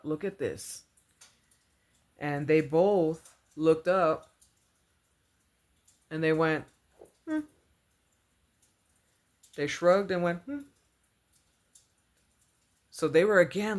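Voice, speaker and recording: Woman rambling through a dream account. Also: deep voice. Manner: rambling, full of "like" and "you know", repeats phrases; earnest and religious. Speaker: vlogger recounting a dream. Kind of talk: casual storytelling.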